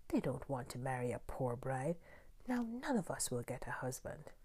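A woman voicing a jealous older sister in a fairy-tale reading, snapping scornfully in a hushed voice. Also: very deep voice, big pitch swings, moderate pace, husky, exaggerated voice.

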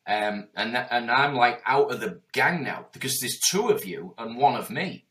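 Middle-aged Yorkshire man, business coach, casual podcast talk; sweary, animated, very expressive pitch. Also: normal speed. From Yorkshire, England. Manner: animated, swearing, acts out quoted voices.

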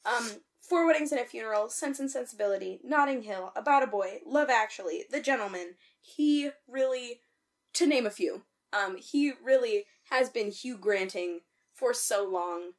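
A woman co-hosting a casual podcast chat, animated and swearing freely, with loud outbursts. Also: fairly high pitch, normal speed. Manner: animated, swears a lot, bursts into loud outcries. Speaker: podcast co-host.

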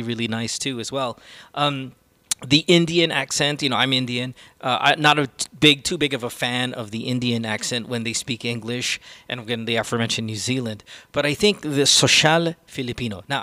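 A man's voice: mid-range voice, bright, forceful tone, no echo. A man hosting a podcast, ranting casually with strong opinions and plenty of swearing. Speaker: podcast host.

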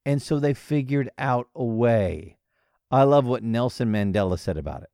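A man's voice: mid-range voice, normal speed, no echo, clean studio sound. A man hosting a podcast solo, talking in a playful, joking, motivational way. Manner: playful, jokey, animated. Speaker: podcast host. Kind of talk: casual solo podcast monologue.

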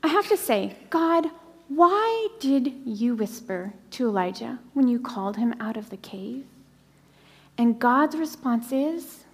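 A middle-aged woman preaching a sermon, slowing down and dropping to a soft whisper for emphasis. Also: on the high side, very animated, breathy edge, big-room sound.

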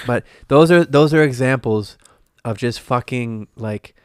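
A man's voice: mid-range voice, a little slow, clear, resonant tone, dry recording, clean studio sound. A man co-hosting a casual podcast, ranting and swearing a lot. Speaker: podcast co-host. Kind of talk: casual chat.

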